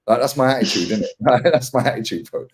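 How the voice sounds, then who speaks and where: A man with a London accent holding a loose, laughing chat as host. He tells stories in slang and swears freely. His voice is rough and husky, and it rises and falls in wide, lively swings. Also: medium pitch, fast talker. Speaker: podcast host. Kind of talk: casual banter.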